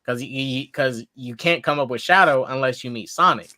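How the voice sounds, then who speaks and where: Casual male co-host, bright voice, dry close mic, loose and joking. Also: medium pitch, moderate pace, no echo. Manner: rambling, joking, loose and laid-back. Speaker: co-host of a fan reaction show. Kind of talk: casual chat.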